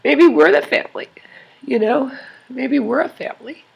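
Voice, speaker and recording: A woman talking to her online club in an emotional confessional vlog, tearful and crying, rambling and halting with many sighs. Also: high-pitched, gravelly, slightly rough.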